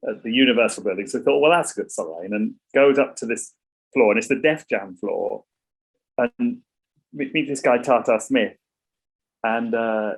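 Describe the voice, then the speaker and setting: A man's voice: medium pitch, moderate pace, breathy edge, low-quality recording. A middle-aged man, a songwriter talking casually in an interview, rambling with many restarts and repeats. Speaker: songwriter guest.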